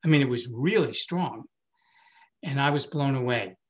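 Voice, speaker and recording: A man in his sixties, a meditation teacher, telling a personal story in a casual way, laughing often and jumping high when he quotes himself. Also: lively intonation, moderate pace.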